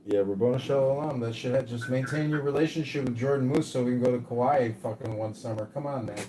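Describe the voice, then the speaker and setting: A man's voice: medium pitch, fast, warm tone. A man in a casual phone chat, crude and joking, laughing often. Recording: echoey room with faint noise.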